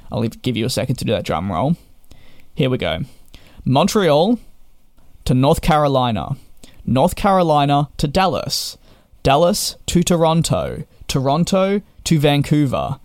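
Sarcastic and fed up, this young man rants through a storytime for the camera, repeatedly starting over; he is a travel vlogger. The recording is dry and clean like a studio, and his medium-pitched voice has a darkish tone.

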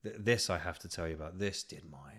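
Talking fast, a young man hosting a podcast rants his way through a comically petty story, swearing freely in a casual monologue. His voice is low-pitched and slightly bright, with a breathy edge.

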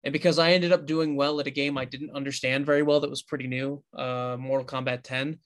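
A man's voice: medium pitch, little pitch movement, a little fast. A man co-hosting a casual podcast chat, telling a story in a rambling, self-correcting way. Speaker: podcast co-host.

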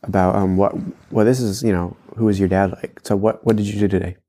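A man's voice: fairly low pitch, fairly even intonation, fairly quick, dark tone. A young adult man co-hosting a casual chat podcast, telling rambling stories and laughing often. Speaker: podcast co-host.

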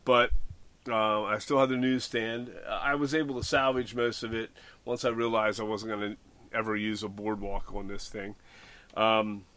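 Chatty host, a man, forceful bright voice, dry mic. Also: on the low side, little pitch movement, moderate pace, dry recording. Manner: rambling, self-deprecating, many fillers. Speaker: model railroad hobbyist podcast host. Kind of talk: casual chat.

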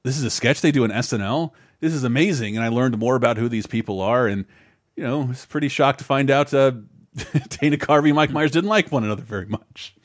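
A man's voice: mid-range voice, a little fast, dry recording, clean studio sound. A man in his thirties talks loosely on a podcast, rambling through his points with frequent restarts. He swears casually and freely as he chats. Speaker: podcast co-host. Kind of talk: casual chat.

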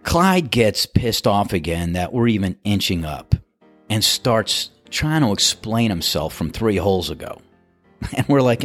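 A man with a low voice spins a casual story about a round of golf with friends. His delivery swings widely in pitch as he acts out the other players, and he laughs his way through the punchlines. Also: big pitch swings, moderate pace, a bit bright, no echo, faint music behind. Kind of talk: casual anecdote.

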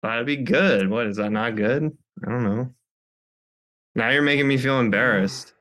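A man's voice: mid-range voice, normal speed, fairly bright tone. A man chatting as a guest on a podcast, rambling and self-conscious, joking with the hosts. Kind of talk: casual chat. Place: podcast studio.

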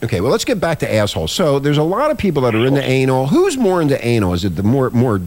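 A man's voice: medium pitch, wildly swooping pitch, fast talker, a little mellow. A man hosting a talk show, telling a crude story in a rambling, profane way that repeats itself. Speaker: podcast host.

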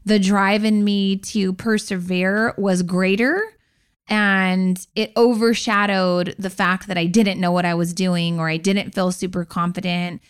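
A woman co-hosting a podcast in a frank, animated way, jumping higher in pitch to make a point. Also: measured pace, clear, resonant tone. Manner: frank, animated, rising to high pitch for emphasis. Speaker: podcast co-host. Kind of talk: casual podcast chat.

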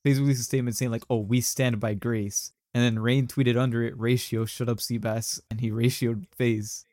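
A man's voice: medium pitch, flat delivery, moderate pace, darkish tone, no room sound, studio quality. A young man hosting a podcast, telling a story in casual chat with lots of slang and fillers. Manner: rambling, slangy, many fillers. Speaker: podcast host.

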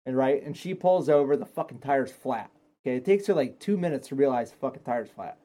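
Profane, animated man telling a story. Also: medium pitch, brisk. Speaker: streamer's partner. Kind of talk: casual podcast storytelling. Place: home stream office.

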